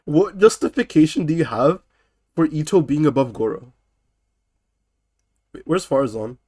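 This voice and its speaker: A fairly high-pitched man reacts on a live stream with loud disbelief, laughing and swearing as he mocks what he sees. His voice sits dry and close, with no room echo. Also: animated, normal speed, husky. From United Kingdom. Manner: incredulous, swearing, laughing mockery.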